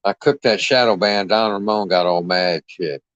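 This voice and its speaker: A man's voice: on the low side, normal speed, fairly bright tone, no room sound. A man hosting a livestream, trash-talking a caller in a brash, profane, mocking way. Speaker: livestream host. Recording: dull lo-fi dry mic sound.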